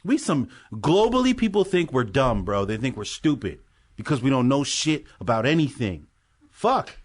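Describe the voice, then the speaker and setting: An American man co-hosting a podcast, ranting in a heated, profane way in casual chat while high. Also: big pitch swings, moderate pace, breathy edge. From United States. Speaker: podcast co-host.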